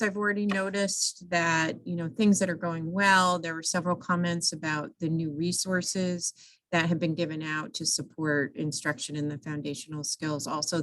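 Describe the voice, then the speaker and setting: A woman's voice: on the low side, no room sound, low-quality recording. A woman talking through slides for teachers in a conversational way, with frequent restarts and fillers. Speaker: instructional coach presenting to teachers. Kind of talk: recorded slide-show recap for teachers.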